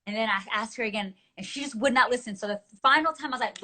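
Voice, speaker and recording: Bright-voiced woman interviewer on a call. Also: on the high side, fast, few pauses, a little hiss or hum. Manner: animated storyteller. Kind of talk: casual video-call interview. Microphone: video call.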